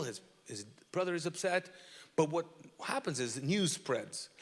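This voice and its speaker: A man's voice: on the high side, a bit bright, big-room sound. A man preaching a sermon as pastor, emphatic and repetitive, asking the audience questions.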